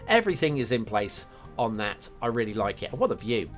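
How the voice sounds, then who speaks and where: Man, lively up-and-down voice, chatty game commentary, faint music underneath. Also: fairly low pitch, a little fast. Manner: chatty and enthusiastic, with filler words and self-corrections. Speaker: host of a game map review show.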